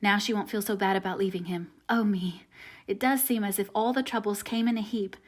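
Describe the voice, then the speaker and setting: A woman reading the part of a passionate, warmhearted teenage girl in an audiobook, her voice rising into high emotional cries. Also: fairly even intonation, fairly quick, lightly acted. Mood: forlorn.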